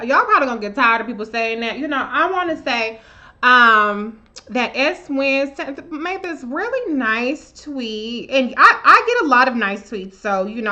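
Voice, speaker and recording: Bright, blunt woman hosting a live stream. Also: on the high side. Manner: profane and blunt; animated, shouts out viewers by name. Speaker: livestream host. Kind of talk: casual livestream chat. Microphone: own camera on a live stream.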